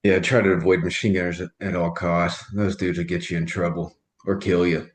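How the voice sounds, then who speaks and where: A man's voice: low voice, little pitch movement, brisk. A man hosting a podcast, blunt and joking, cursing casually as he chats. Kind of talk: casual chat. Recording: roomy echo.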